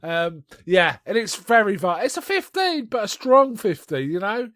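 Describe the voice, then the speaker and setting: A man on a podcast, casually retelling a film in a rambling, animated way with restarts. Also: high voice, normal speed, dry recording, studio quality. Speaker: podcast co-host. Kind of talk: casual chat reviewing a film.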